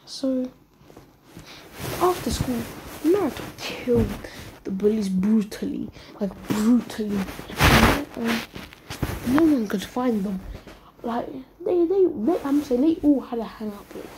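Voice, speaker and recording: A woman's voice: on the high side, lively intonation, slow, background noise. A woman improvising a fan-fiction retelling, rambling and stumbling over words, with frequent whispered asides. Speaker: storyteller.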